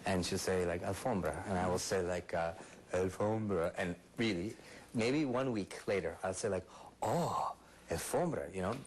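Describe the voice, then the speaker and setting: A man being interviewed in casual chat, joking about himself and mixing halting Spanish into his English. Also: sits low, animated, a little hiss or hum, low-quality recording. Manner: self-deprecating, mixes broken Spanish into English. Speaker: interview guest, singer.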